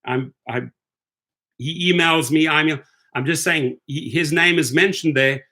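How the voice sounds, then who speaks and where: A man's voice: fairly high pitch, measured pace, pushed and bright. An indignant man delivers a heated commentary rant on his own channel. He circles back over the same phrases and keeps tagging his lines with "right?". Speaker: rideshare video host.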